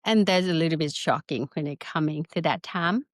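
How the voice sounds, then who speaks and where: A middle-aged woman with a Thai accent, a spa business founder telling her story in an interview in lively, broken English. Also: deep voice, a little fast, no echo, clean studio sound. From Northern Thailand. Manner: animated storytelling with broken English, laughs often.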